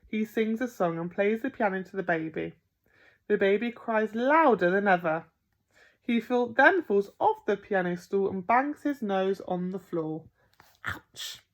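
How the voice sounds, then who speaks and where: A woman's voice: mid-range voice, animated, a little slow. Teacher lady reading a picture book to kids, lots of playful emphasis and gasps. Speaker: primary school teacher.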